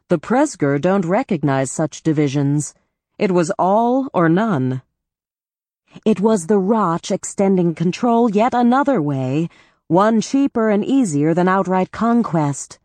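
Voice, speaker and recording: Slow, low-voiced woman narrating. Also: no echo. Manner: measured, even reading. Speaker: audiobook narrator. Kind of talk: scripted first-person narration.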